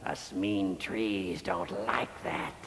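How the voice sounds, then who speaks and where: A sly gravelly tree leader. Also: male voice, low voice, very slow, fairly bright tone, exaggerated voice. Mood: taunting. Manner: sly, taunting. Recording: long reverb with faint noise.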